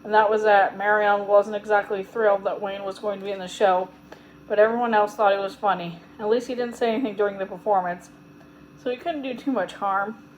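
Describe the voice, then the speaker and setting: A woman reading a children's chapter book aloud in a gentle, steady storytelling manner. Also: mid-range voice, a little fast, a little hiss or hum, rough recording. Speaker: storybook reader.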